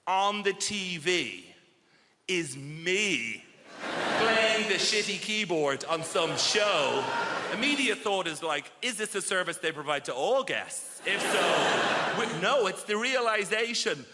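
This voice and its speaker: High-voiced comic, wry self-mocking storyteller, booming theatre reverb over a noisy crowd; fits a live stand-up set. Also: male voice, lively intonation, slow pace. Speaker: stand-up comedian. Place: large theatre stage. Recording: roomy hall reverb, loud crowd noise.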